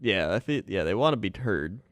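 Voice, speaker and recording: A laid-back man with a mid-pitched voice that rises and falls a lot, co-hosting a podcast in casual chat. He giggles easily as he tells stories. The sound is dry and close to the mic. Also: very animated, fairly quick, no echo. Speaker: podcast co-host.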